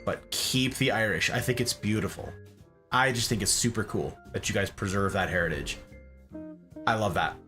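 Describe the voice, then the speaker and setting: A man's voice: lowish voice, moderate pace, bright, forceful tone, faint music behind. A man hosting a live stream in casual chat, reading out viewers' messages and answering them.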